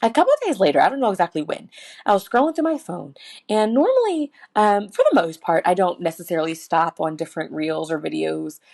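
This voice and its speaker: A woman's voice: lowish voice, sing-song, a little fast, creaky, a little mellow. Earnest, emotional woman podcaster. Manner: earnest and heartfelt, many fillers and restarts. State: close to tears. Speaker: podcast host. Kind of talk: personal faith reflection, casual monologue.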